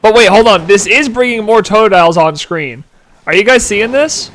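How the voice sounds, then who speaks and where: A man's voice: high-pitched, moderate pace, a bit bright. A man in his twenties streaming a game live, chatting casually, giggling and answering chat aloud. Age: 20s. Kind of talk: casual gameplay commentary.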